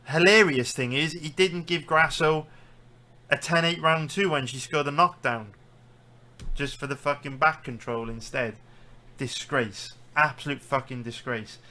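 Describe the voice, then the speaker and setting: A British-accented man holding forth on a live stream, his voice bright and forceful as he rants and swears heatedly. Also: fairly high pitch, a little slow. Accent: British English. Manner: heated, profane ranting. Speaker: sports betting streamer.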